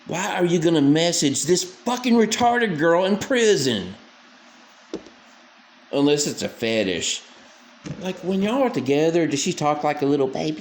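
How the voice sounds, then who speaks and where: A man's voice: a little high, sing-song, moderate pace, darkish tone, reverberant, a little hiss or hum. Scornful ranting male commentator. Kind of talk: mocking reaction commentary.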